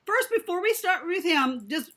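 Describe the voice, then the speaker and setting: A woman hosting a casual chat, excitable and gushing, with frequent exclamations. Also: very high voice, normal speed. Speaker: host.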